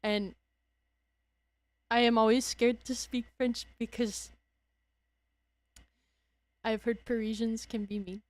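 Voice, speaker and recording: A woman's voice: on the high side, level tone, takes it slowly, pauses often. A young woman from Louisiana with a Cajun accent, chatting casually as a streamer, rambling, correcting herself and laughing often. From Louisiana, USA. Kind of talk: casual chat.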